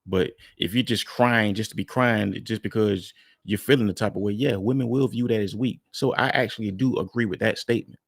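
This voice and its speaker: A man's voice: on the low side, brisk, vocal fry, dry recording, studio quality. A man hosting a reaction video, talking bluntly and frankly to his viewers in casual commentary.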